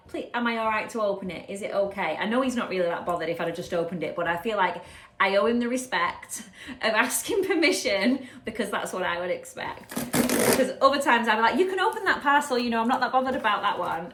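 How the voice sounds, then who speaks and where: A young adult woman, chatting casually and gushing excitedly as she unboxes a gift at home for her vlog. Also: medium pitch. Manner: bubbly, gushing, giggly. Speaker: lifestyle vlogger. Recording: echoey room.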